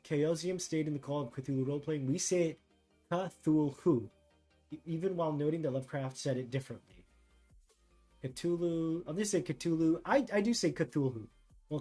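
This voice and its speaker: Male art streamer, fairly high voice, casual think-aloud chat with faint music behind. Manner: musing, reads text aloud haltingly and thinks out loud. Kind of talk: casual livestream chat while drawing.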